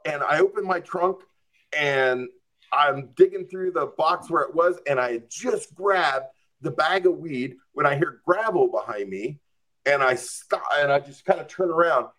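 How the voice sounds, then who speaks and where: With a fairly high, fairly bright voice, a man recounts a casual story as a podcast guest. He acts out his reactions, constantly using "like" and "I'm just like."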